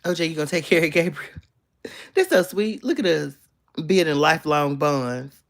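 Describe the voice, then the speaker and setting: Young woman, low-pitched, playful and sassy streamer reading comments. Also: animated, normal speed. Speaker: live streamer. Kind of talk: casual chat reading viewer comments. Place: bedroom, in bed.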